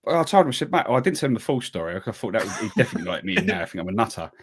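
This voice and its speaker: A man's voice: rapid-fire, breathy edge. A man, co-hosting a podcast and telling a long story in casual chat, acting out what people said. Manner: animated storyteller, acts out quotes with big pitch jumps. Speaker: podcast co-host.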